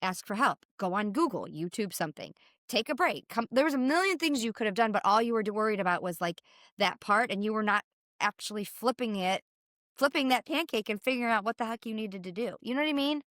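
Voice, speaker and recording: A woman's voice: medium pitch, lively intonation, quick pace, fairly bright tone, no echo, clean studio sound. A woman co-hosting a casual podcast, chatty and full of "like", who acts out inner thoughts as she explains.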